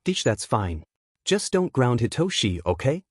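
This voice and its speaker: A man reading the lines of a tearful, shaken teenage boy in a halting way. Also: medium pitch, big pitch swings, dry recording, clean studio sound.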